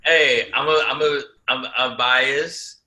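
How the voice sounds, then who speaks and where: Young man, very bright, sharp tone, emphatic and repetitive. Casual banter. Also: mid-range voice, steady tone, takes it slowly. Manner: emphatic, repeats himself. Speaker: film crew member. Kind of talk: casual chat, game discussion.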